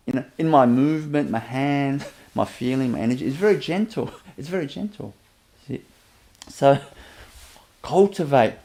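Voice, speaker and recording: A man giving a spiritual teacher's webinar talk, gently, chuckling often and repeating his phrases. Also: medium pitch, vocal fry.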